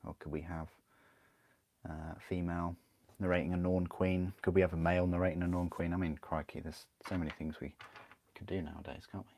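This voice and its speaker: A man's voice: sits low, level tone, a little fast, a little mellow. A man chatting casually on a livestream while building a model kit, rambling, answering chat and laughing often.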